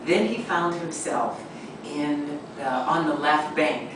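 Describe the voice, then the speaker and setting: Female improv student, low and slow, echoey distant classroom. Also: noisy background. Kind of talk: improvised storytelling. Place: acting studio classroom. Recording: echoey room from far off.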